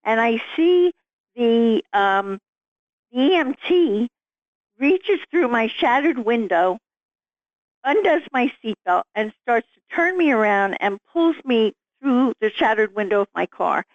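Middle-aged woman guest, lively storyteller, slightly high voice, dull lo-fi dry recording. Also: takes it slowly, dry recording. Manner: animated, vivid storyteller. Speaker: author guest. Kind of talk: storytelling interview.

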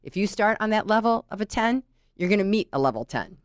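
A woman's voice: mid-range voice, expressive, fast, smooth, no echo, studio quality. A middle-aged woman in casual conversation, talking through work stories and often checking in with "right?". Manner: chatty, tells anecdotes, frequent "you know" and "right?". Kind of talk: casual chat.

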